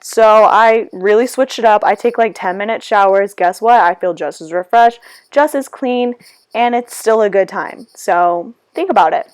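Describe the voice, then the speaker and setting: A woman's voice: medium pitch, moderate pace, dry recording, studio quality. A young woman, chatting in a sassy, rambling voiceover, out of breath. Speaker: vlogger. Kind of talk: casual voiceover chat. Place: her room.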